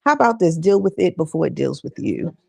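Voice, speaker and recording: Gravelly-voiced woman giving an encouraging talk. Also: fairly low pitch, sing-song, brisk, mellow. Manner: conversational, encouraging, colloquial asides. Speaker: mental health speaker. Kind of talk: church talk session. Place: church gathering with audience responses.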